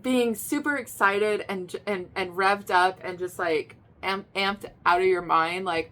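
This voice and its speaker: A woman with a mid-range voice gives a casual tarot reading at a measured pace with few pauses. She's chatty and emphatic, repeating herself, filling space with fillers and restarts, and swinging into loud, excited bursts.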